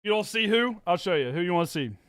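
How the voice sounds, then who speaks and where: A young man with a high, bright voice whoops and hollers on a live stream. His voice has gone hoarse from yelling, and between the shouts he talks loosely to his chat. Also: lively intonation, quick pace. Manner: yells and hypes, then talks to chat casually. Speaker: streamer reacting to a football game. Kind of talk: excited live-stream reaction.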